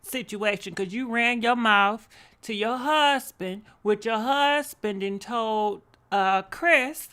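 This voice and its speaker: Bright-voiced blunt woman host. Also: mid-range voice, animated, measured pace. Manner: blunt, sassy, talks to viewers. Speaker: commentary host. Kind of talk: gossip commentary.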